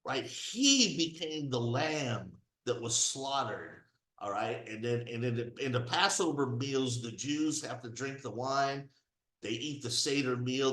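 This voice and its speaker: A man giving an emphatic religious and political commentary monologue, rising to near-shouts when indignant. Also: mid-range voice, reverberant, rough recording. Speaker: commentary host.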